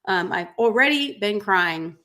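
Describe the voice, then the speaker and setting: A woman's voice: mid-range voice, expressive, measured pace, pushed and bright. A woman hosting a casual livestream as a grooming business coach, chatting emotionally to viewers with lots of fillers and restarts. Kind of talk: casual livestream chat reading viewer comments.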